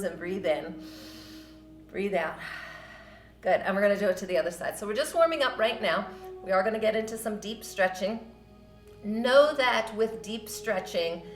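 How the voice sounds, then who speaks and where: A woman teaching a yoga class, guiding breathing and stretches in a gentle, encouraging, loosely conversational way. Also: mid-range voice. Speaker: yoga instructor. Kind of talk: guided yoga class instruction. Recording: roomy with soft music behind.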